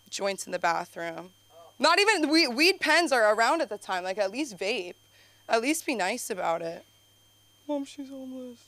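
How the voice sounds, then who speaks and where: This stand-up comic is a young adult from Los Angeles with a smooth, mid-range voice. At an open mic she rambles through self-mocking material, says "like" constantly, laughs at her own jokes and yelps loudly out of nowhere.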